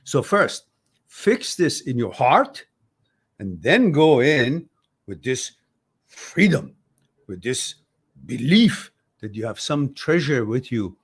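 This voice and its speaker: A man of ordinary pitch hosts an advice talk, blunt and heated. He curses when something annoys him and plays out both sides of imagined conversations. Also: big pitch swings, takes it slowly, breathy edge. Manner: passionate, blunt, swears when upset. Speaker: advice show host. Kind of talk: livestream advice talk reading viewer comments.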